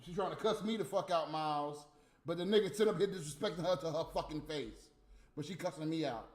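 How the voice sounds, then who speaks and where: A man's voice: high-pitched, lively intonation, fairly quick. A man on a casual, profane rant, heatedly mocking people who are not there while smoking a cigarette. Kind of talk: casual ranting monologue. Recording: echoey room with faint music.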